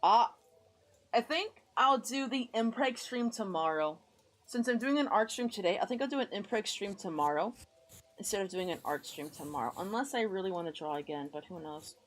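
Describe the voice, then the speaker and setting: A woman on a casual live stream, talking through her drawing in a loose, rambling way. She mutters to herself between thoughts and is quick to put herself down. When she greets people in chat she turns upbeat and friendly, at a middling pitch. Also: animated. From United States.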